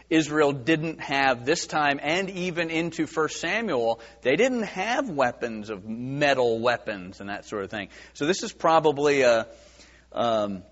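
A man's voice: medium pitch, a bit bright. A man teaching through a Bible passage verse by verse in a conversational way, with many fillers. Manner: conversational, many fillers, acts out quoted voices. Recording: dull sound with long reverb in a large hall.

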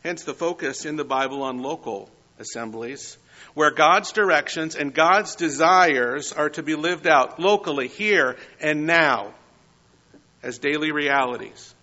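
Bright-voiced preacher, lo-fi recording. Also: male voice, fairly high pitch. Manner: measured preaching, rising emphasis on key words. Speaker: pastor. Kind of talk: sermon. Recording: lo-fi, dull sound.

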